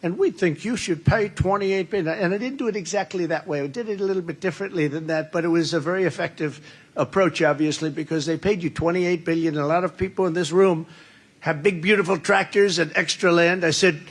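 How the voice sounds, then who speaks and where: A man's voice: a little high, fast talker. An older man giving a campaign rally speech, rambling and boastful, often repeating his phrases. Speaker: political speaker at a rally. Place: large indoor rally room.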